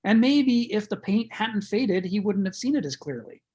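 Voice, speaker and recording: Brief: breathy male lecturer, casual and digressive, lots of "you know". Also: high-pitched, lively intonation, moderate pace, a little mellow. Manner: rambling, chuckles often, many fillers. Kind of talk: conversational lecture.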